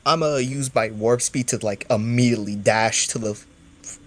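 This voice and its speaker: Animated young-sounding tabletop player. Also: male voice, medium pitch. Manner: quick, animated, says "like" a lot. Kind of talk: casual tabletop play.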